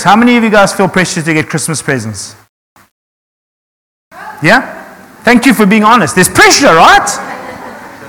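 A man's voice: sits high, fairly bright tone, long reverb tail. A man, preaching earnestly to his congregation and asking rhetorical questions. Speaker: pastor. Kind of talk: sermon.

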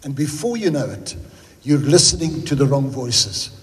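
Joking South African preacher, echoing hall. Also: male voice, mid-range voice, very animated, moderate pace, a bit bright. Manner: humorous, conversational, goes off on tangents. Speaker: pastor. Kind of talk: sermon.

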